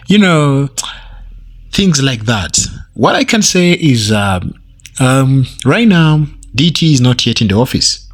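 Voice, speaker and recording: A man's voice: mid-range voice, very animated, measured pace, slightly rough. Hesitant man giving commentary. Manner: hesitant, many fillers, repeats himself. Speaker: reaction channel host.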